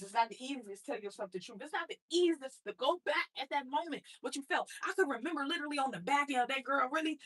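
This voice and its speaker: A woman's voice: sits high, lively intonation, fast, few pauses, fairly bright tone. An adult woman and mother telling her own story in a blunt, streetwise motivational talk, speaking straight to her listeners.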